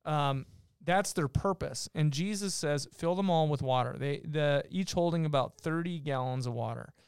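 Podcast co-host, man, smooth, slightly raised pitch, casual Bible explainer, dry close sound. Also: moderate pace, no echo. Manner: explains patiently, reads verses aloud, many restarts. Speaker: podcast co-host teaching scripture.

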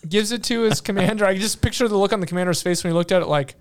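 A man with a fairly high voice talks casually, retelling scripture with lively asides and frequent restarts. His voice is smooth and clear. The recording is close and dry. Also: racing, dry recording. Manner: animated, frequent fillers and restarts, playful asides. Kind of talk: casual retelling of Bible stories.

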